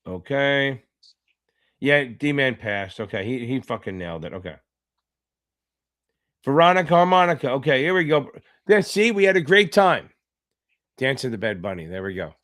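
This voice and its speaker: A man's voice: medium pitch, big pitch swings, normal speed, pauses often, fairly bright tone. A man tutoring for a finance exam in a live online Q&A, chatty and joking, swearing freely and reading out viewer names between explanations.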